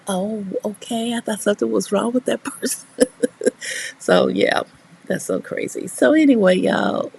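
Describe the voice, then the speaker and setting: A woman's voice: mid-range voice, creaky, breathy edge, low-quality recording. A middle-aged woman chatting casually to her live viewers from a bedroom desk, rambling and laughing as she talks. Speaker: writing streamer. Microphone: new desk mic, not yet working well.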